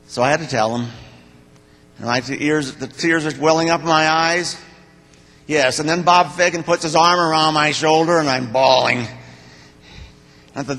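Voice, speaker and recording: An older man stands before a church congregation and tells his own story in a plain-spoken, heartfelt way, often pausing and restarting. His voice sits at an ordinary pitch for a man. It rings through the long reverb of a church hall. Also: a bit bright. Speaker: church member giving a talk to the congregation. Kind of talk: personal testimony.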